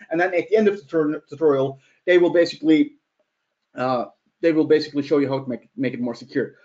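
Guy giving a security talk, high-ish voice, kinda dull lo-fi sound. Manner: animated, acts out quotes. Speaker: security presenter. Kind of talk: conference talk storytelling.

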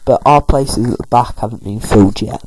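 A man's voice: mid-range voice, brisk, darkish tone, slight background noise, low-quality recording. A man giving casual let's-play commentary, loosely narrating the game and paraphrasing characters with "he's like.". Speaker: gameplay commentator.

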